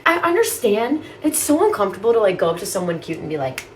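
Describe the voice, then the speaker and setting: A woman's voice: mid-range voice, big pitch swings, fast talker, slight background noise. A young woman in her twenties ranting casually to camera about dating, exasperated and profane. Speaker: content creator.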